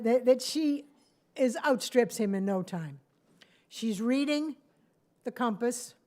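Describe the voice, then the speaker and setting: A woman telling a story onstage in a small cafe, chatty and animated, with asides to the audience. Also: on the high side. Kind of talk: live storytelling performance.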